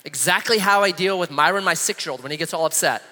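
A man in his thirties preaching a sermon, telling a Bible story in an animated way and acting out the quotes. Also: on the high side, fast talker. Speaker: pastor. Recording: long hall reverb.

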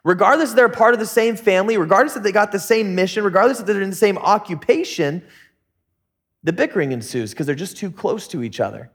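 Joking, laid-back preacher man, slightly high. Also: quick pace. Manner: relaxed, joking, slangy storytelling. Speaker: pastor. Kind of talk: casual sermon.

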